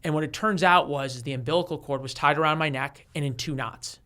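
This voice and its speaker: A man in his forties, a guest author telling a story in an interview, animated and given to restarts, acting out the voices of the people he quotes. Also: fairly high pitch, fast talker. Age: 40s.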